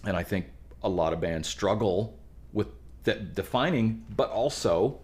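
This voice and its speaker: Deep-voiced man, animated band storyteller. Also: moderate pace. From Pittsburgh area, USA. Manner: animated storytelling, rambling restarts. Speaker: podcast guest, musician. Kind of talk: casual chat.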